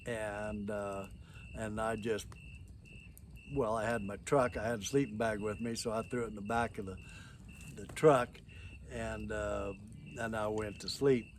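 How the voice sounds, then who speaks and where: A man's voice: fairly low pitch, steady tone, a little slow, pauses often, a little hiss or hum. An older man telling a story in a casual, rambling, folksy way, with frequent chuckles.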